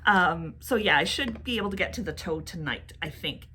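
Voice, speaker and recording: Woman podcast co-host, chatty, a bit low, faint background noise. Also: expressive, moderate pace, sharp tone. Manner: chatty, laughs often. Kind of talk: casual chat.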